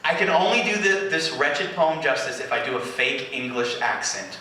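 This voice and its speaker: A man from California joking with an audience in a live question-and-answer set, animated and teasing. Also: mid-range voice, normal speed. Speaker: slam poet performer. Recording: echoey venue from far off, noisy.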